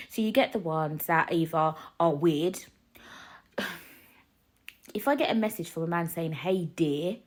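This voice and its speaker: A woman, hosting a casual solo podcast and ranting in an animated, jokey way, swinging between loud and quiet. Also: on the low side. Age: 20s. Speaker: podcast host.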